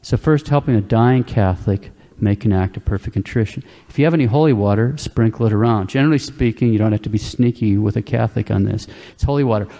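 Calm preacher man, mellow voice, reverberant hall. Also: mid-range voice. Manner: calm, plain-spoken instruction with frequent "okay?" check-ins. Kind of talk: sermon.

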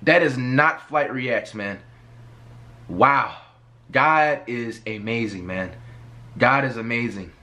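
A man's voice: medium pitch, takes it slowly, pauses often, pushed and bright. A man hosting a reaction video, talking casually and reflectively with many fillers. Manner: fillers like "you know what I'm saying", reflective. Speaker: reaction channel host.

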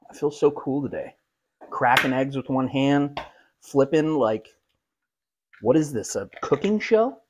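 A man chatting through a cooking vlog in a home kitchen, his voice sitting at an ordinary middle pitch. He talks to the viewer casually and drops wry, self-mocking jokes between steps. A faint hiss of noise runs under him. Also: measured pace, pauses often. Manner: joking, self-mocking asides while cooking. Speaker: cooking show host.

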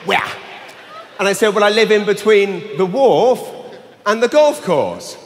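High-voiced man doing stand-up in an arena. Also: a little slow. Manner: animated storytelling, bursts of shouting. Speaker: stand-up comedian. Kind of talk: live stand-up comedy. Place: large arena stage. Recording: live arena with long reverb.

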